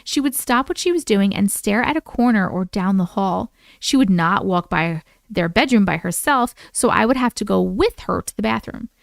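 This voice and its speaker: A woman hosting a live stream, reading viewer stories aloud and reacting with animated exclamations and swearing. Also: mid-range voice, normal speed, gravelly, hardly any pauses, dry recording.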